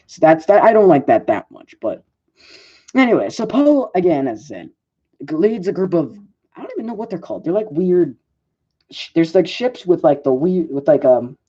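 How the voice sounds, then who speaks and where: A man rambles casually through a movie review, leaning on "like" and fillers and often restarting his sentences. His pitch moves a lot and his tone is mellow. The recording sounds dull and lo-fi. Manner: rambling, lots of "like" and fillers, self-correcting. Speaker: film reviewer.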